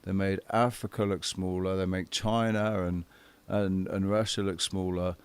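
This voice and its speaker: A man in a casual group chat, rambling and swearing often, with quick impressions of other people. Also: low-pitched, little pitch movement, clean tone. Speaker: guest on a flat earth chat stream.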